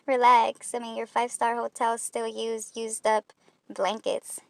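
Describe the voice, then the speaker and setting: A woman's voice: a little high, takes it slowly, creaky, a little mellow. A woman commenting on clips in a reaction video, talking in an accusatory, rambling and scornful way. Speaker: YouTube commentator.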